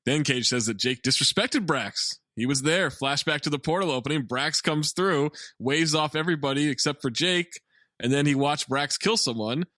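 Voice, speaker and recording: A man's voice: on the high side, normal speed, pushed and bright, no echo, studio quality. A man co-hosting a comedy podcast, wryly recapping a film and laughing often. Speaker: podcast co-host.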